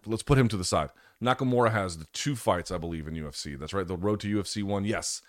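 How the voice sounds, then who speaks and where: A man with a very low, deep voice hosts a live podcast chat, talking through his picks in a loose, rambling way. He stops to correct himself often and swears without a second thought. The sound is close and dry, with no room around it. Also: fast talker, no room sound. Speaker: podcast host.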